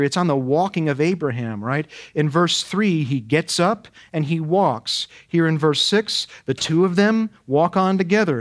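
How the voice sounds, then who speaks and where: Higher-voiced man preaching a dramatic sermon. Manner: dramatic rhetorical questions, emphatic repetition. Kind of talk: expository sermon.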